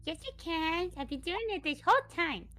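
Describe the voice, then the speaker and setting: A woman's voice: very high-pitched, lively intonation, moderate pace, a bit bright, faint music behind. A woman playing in a tabletop game, chatty and full of fillers. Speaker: player. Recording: noisy background.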